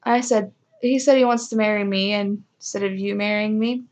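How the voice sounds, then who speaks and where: A woman's voice: medium pitch, fairly even intonation, moderate pace, a little mellow. A young woman casually telling a personal story, self-mocking and acting out what others said. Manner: chatty, self-mocking, acts out quoted voices.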